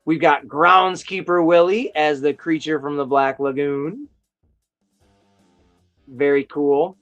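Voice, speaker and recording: A man hosting a casual live stream, chatting in a rambling, excitable storytelling way. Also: fairly high pitch, slow, highs cut off, faint music behind. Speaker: host of a toy chat live stream. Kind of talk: casual chat.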